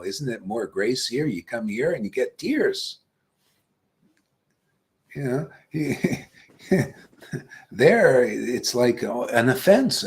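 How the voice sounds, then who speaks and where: A man giving an informal devotional lecture as a spiritual teacher, blunt and profane, laughing often, swinging from loud bursts to muttered asides. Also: medium pitch.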